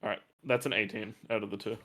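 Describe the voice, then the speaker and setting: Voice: medium pitch, steady tone, quick pace, fairly bright tone. A player chatting and joking during a tabletop role-playing game. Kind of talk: casual tabletop game chat.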